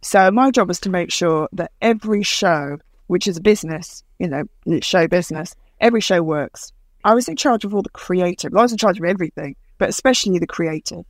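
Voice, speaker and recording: A woman's voice: fairly low pitch, a little fast, dry recording. A woman in her fifties, a television producer and speaker, talking in an interview, emphatic and storytelling, acting out quoted dialogue. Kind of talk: conversational interview.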